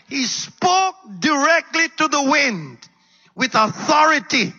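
A male preacher delivering an animated sermon that swings between loud shouts and low murmurs, calling out to his congregation. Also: slow, dull audio. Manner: calls out to the congregation.

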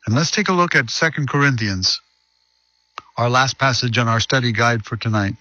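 A man pastor preaching a sermon, reading scripture slowly and deliberately and telling a story. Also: medium pitch, bright, forceful tone, no room sound, lo-fi sound.

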